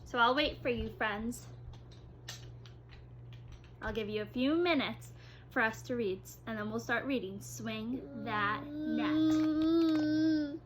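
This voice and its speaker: A woman teaching kindergarten, reading a story aloud in a slow, exaggerated sing-song way and gently encouraging the children. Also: a little high, dull audio, a little hiss or hum.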